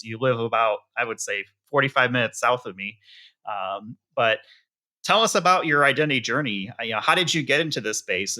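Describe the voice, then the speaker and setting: A man co-hosting a podcast, chatting casually and laughing easily with his co-host and guest. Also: medium pitch. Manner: chatty, relaxed, quick to laugh.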